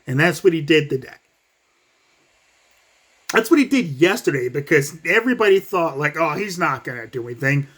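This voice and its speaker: Man, vlogger, profane rant, high lively voice, swings up and down a lot, talks in quick bursts. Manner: profane, animated, fast bursts, acts out quotes. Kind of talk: casual commentary rant.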